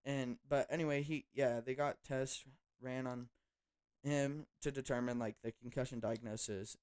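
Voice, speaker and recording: A man's voice: medium pitch, a little mellow, smooth. A young man telling a personal story to his viewers in a casual vlog, with loose slang and lots of fillers. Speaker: vlogger.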